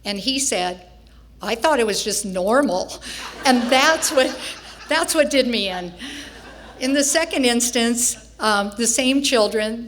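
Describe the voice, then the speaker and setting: A woman's voice: fairly high pitch, a bit bright, slight background noise. Older woman telling a wry family story. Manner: wry, self-mocking, laughs through her story. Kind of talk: personal storytelling on stage. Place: festival stage before an audience.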